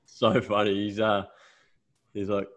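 Low-voiced Australian man telling stories. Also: completely flat delivery, unhurried. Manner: swearing storyteller. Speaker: podcast co-host. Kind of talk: casual chat.

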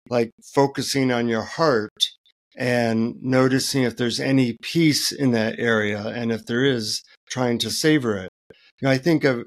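A middle-aged man, a guest author, telling relaxed anecdotes in an interview with many fillers. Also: mid-range voice. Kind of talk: interview storytelling.

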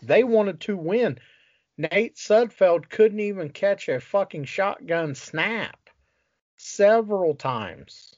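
A man's voice: high voice, expressive, slow pace, darkish tone, no echo. A man co-hosting a casual sports talk show, ranting with exasperation and plenty of swearing. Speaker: podcast co-host. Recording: dull lo-fi sound.

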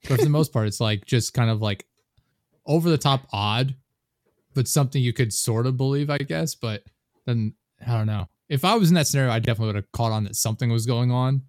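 A man's voice: medium pitch, brisk, no room sound, studio quality. A man chatting as a podcast guest, rambling with plenty of fillers and hedges. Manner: rambling, lots of "like" and hedging. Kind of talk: casual chat.

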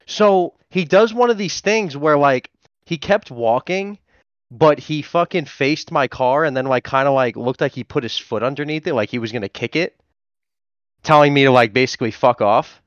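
A man co-hosting a podcast, telling a story in a casual, profane and animated way. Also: mid-range voice, moderate pace, no room sound. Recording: dull, dry lo-fi sound.

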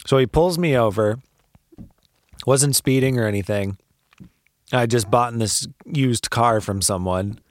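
A man's voice: medium pitch, a little slow, pauses often, no echo. A man hosting a podcast, telling a story casually with lots of swearing and laughter, acting out the people in it. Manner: profane, laughs often, acts out quotes. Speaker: podcast host.

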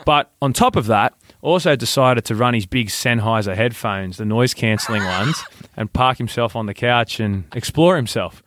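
A man, co-hosting a casual podcast and telling an animated story, acting out voices. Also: mid-range voice, moderate pace, dry recording, studio quality. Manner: animated, acts out voices in stories. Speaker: podcast co-host.

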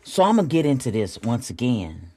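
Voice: medium pitch, sing-song, mellow. An earnest podcast host giving a heartfelt spiritual talk, repeating phrases and calling listeners y'all. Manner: repetitive, drawn-out phrasing.

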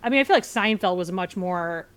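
A woman from Portland, Oregon, talking as a podcast guest and telling a story in an animated, exasperated way. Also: lowish voice, fast. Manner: animated, exasperated, acts out quotes. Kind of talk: casual storytelling.

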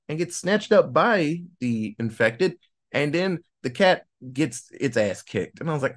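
Animated man recapping a movie. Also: on the high side. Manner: animated storyteller, acts out characters' lines in quick voices; swears freely. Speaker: podcast host reviewing a film. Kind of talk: casual plot recap.

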